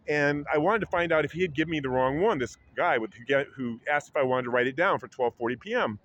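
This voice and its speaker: A man telling a story about a public library in a casual vlog, rambling with many restarts and acting out quotes in a higher voice. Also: quick pace, few pauses, fairly bright tone, muffled recording, a little hiss or hum. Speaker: vlogger. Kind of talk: casual retelling of an incident.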